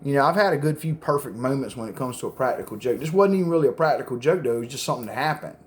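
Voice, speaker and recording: A man, rambling and swearing as he casually tells old stories into his phone camera, getting loud and excited at the punchlines. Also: medium pitch, rapid-fire. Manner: profane, rambling, gets loud and excited telling jokes. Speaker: storyteller.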